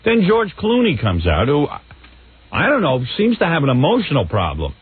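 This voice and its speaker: A man in his forties hosts a casual radio talk show, blunt and mocking, stammering and restarting his sentences. His fairly high voice swings hugely in pitch at a normal speed. The broadcast sounds tinny and narrow, with slight background noise.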